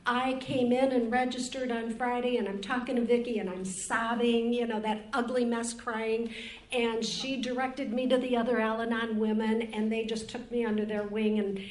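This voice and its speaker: An older woman from Cleveland, Ohio, speaks on a recovery panel, giving a candid and rambling personal testimony in a roomy conference room at a retreat. Her voice is fairly high with little pitch movement, and she talks at normal speed.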